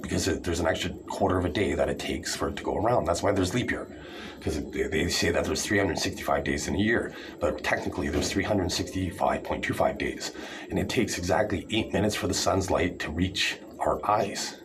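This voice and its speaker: A man's voice: deep voice, fairly quick, background noise. A man ranting in a rambling, sarcastic, profane monologue to camera, calling people idiots. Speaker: vlogger.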